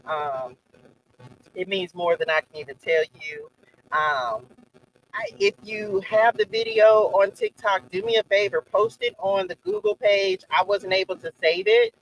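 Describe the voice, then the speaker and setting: A man hosts a faith-based live stream in a fairly high voice. His pitch swings widely as he talks. He is effusive and affectionate, repeating phrases as he thanks and reassures his guest. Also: big pitch swings, measured pace, vocal fry, muffled recording. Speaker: host.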